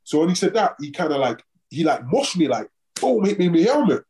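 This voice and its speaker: A man in his thirties talks casually as a podcast guest. His voice sits a little high, and he tells his stories with lively swings in pitch, acting out each exchange he quotes. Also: fast. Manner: animated storyteller, acts out quoted exchanges. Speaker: podcast guest, former football player. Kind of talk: casual chat, storytelling.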